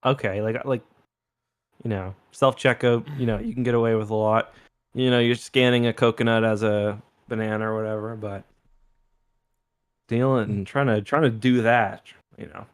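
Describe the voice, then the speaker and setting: A man's voice: medium pitch, fairly even intonation, moderate pace, smooth. A man from Canada co-hosting a podcast, telling rambling stories in casual chat with some swearing. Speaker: podcast co-host.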